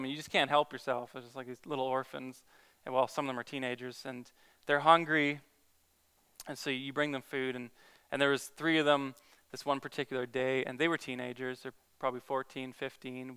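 A man's voice: mid-range voice, fairly bright tone, smooth. A man who is a Christian evangelist, earnestly telling a story in a casual talk, with many restarts.

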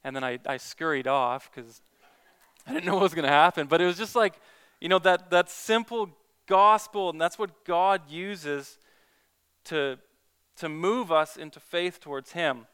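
A man's voice: on the high side, a little slow, fairly bright tone, clear, resonant tone. A man who is a Christian evangelist, earnestly telling a story in a casual talk, with many restarts.

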